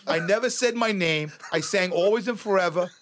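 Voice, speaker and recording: A middle-aged man tells stories as a podcast guest. His voice sits a little high, and he swears freely and acts out the lines he quotes. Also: a little fast, fairly bright tone, a little hiss or hum. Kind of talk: casual storytelling.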